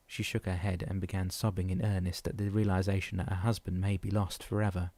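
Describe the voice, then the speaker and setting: A man narrating a novel chapter in a steady, even reading voice. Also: deep voice, fairly quick, hardly any pauses, no echo. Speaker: audiobook narrator. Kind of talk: audiobook narration.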